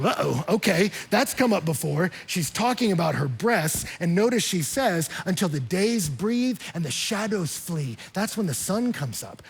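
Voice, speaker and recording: A man's voice: a little high, breathy edge. A pastor preaching a conversational sermon with humor, acting out quoted voices as he explains scripture. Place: church.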